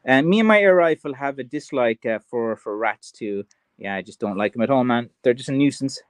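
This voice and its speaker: A man's voice: medium pitch, a little fast, smooth, no echo. Chatty Irish man hosting a livestream. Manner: rambling, chatty, reads out viewer comments. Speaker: livestream host, stick maker. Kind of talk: casual livestream chat.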